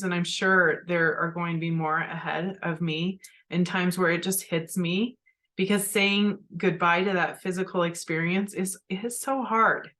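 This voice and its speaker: A woman's voice: lowish voice, a bit bright. A middle-aged woman hosting a spiritual podcast, speaking in an earnest, heartfelt and reflective way. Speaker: podcast host.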